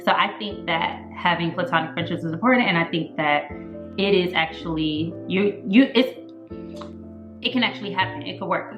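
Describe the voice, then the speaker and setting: A woman's voice: lowish voice, normal speed, reverberant, dull audio, over music. Candid, opinionated woman co-host. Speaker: podcast co-host. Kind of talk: casual opinionated chat.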